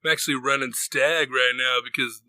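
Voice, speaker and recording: A man with a very bright, forward voice chats on a podcast, rambling through a family story with casual swearing. He acts out the lines of the people in his story. The sound is dry and close, with no room echo. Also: mid-range voice, fairly even intonation, a little fast. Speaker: podcast co-host. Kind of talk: casual chat.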